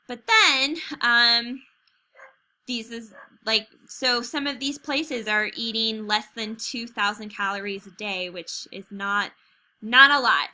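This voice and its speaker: Bright-voiced American woman teaching. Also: fairly high pitch. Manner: chatty, with frequent "okay?" and "right?" check-ins. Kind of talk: recorded video lecture over slides.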